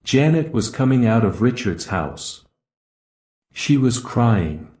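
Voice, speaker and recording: A man reading a graded story for English learners in a clear, measured way. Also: mid-range voice, big pitch swings, darkish tone. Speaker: story reader. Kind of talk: scripted narration for English learners. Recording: roomy echo.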